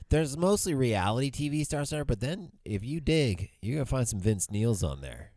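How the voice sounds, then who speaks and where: A man's voice: mid-range voice, big pitch swings, moderate pace, hardly any pauses, darkish tone, dry recording, clean studio sound. A man co-hosting a casual podcast chat, laid-back and playful. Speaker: podcast co-host.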